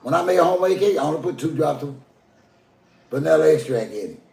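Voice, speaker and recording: A Southern man with a gravelly, fry-laden voice sits a touch high for a man and gives a casual, preachy rant to his viewers. His voice bounces around an echoey room. He talks folksy and direct, like someone chatting on a porch. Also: expressive, quick pace, a little mellow. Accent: Southern American. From Southern United States. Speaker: commentary vlogger.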